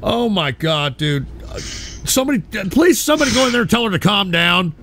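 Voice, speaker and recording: A man streaming live, commenting on a raid with mock concern and loud exclamations. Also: high-pitched, very animated, brisk, a little hiss or hum. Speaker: streamer reacting to raids.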